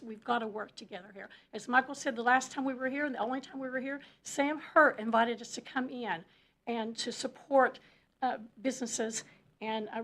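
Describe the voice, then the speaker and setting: A woman's voice: on the high side, fairly bright tone. A woman resident speaking at a town council public comment, impassioned and emotional, repeating herself as she pleads her case.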